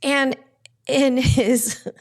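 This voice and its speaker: A woman guest on a podcast, telling a personal story in a casual, lively way and acting out the quoted dialogue. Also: high-pitched, extremely slow.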